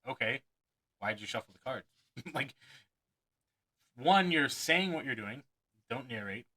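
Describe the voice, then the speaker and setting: A man with a bright, ringing voice reads a magic book aloud. He chuckles often and drops in his own asides between passages. When quoting, he puts on mock enthusiasm. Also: mid-range voice, animated, unhurried, rough recording. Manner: acts out quoted lines with mock enthusiasm. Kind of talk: reading aloud with commentary.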